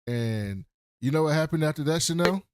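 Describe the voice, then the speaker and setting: A man's voice: fairly high pitch, animated, normal speed, background noise. A man co-hosting a podcast, retelling TV scenes in a casual, profane way and laughing as he goes. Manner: profane, laughing storyteller who acts out the quotes. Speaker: podcast co-host. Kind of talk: casual TV recap chat.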